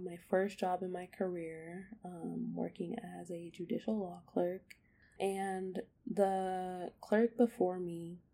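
Young adult woman, podcast host, unhurried, gravelly fry, candid and emotional delivery. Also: on the low side, mellow. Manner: candid, emotional, many fillers and hesitations. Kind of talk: personal storytelling monologue.

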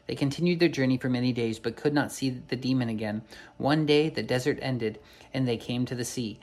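A man's voice: mid-range voice, fairly quick, darkish tone. A man reading an old storybook aloud, unpolished, with occasional slips and self-corrections.

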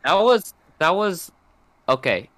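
A man's voice: a little high, big pitch swings, slow pace, fairly bright tone, no echo. A young man co-hosting a casual podcast, hesitant, often trailing off and restarting his sentences. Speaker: podcast co-host. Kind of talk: casual chat.

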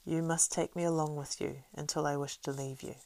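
A woman reading the part of a weathered male ranger, measured, wry and grave. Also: low-pitched, steady tone, vocal fry, a little mellow, dry recording.

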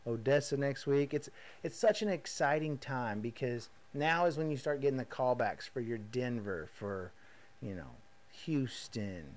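A man, hosting a podcast and telling stories in a casual, folksy, energetic way full of asides. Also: mid-range voice. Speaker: podcast host. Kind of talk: casual monologue.

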